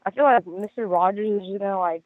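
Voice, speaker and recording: A hoarse man with a high voice calls in over a tinny phone line. He talks fast and rambles, tripping over himself with stammered restarts. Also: no echo. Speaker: caller. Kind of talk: casual sports call-in chat.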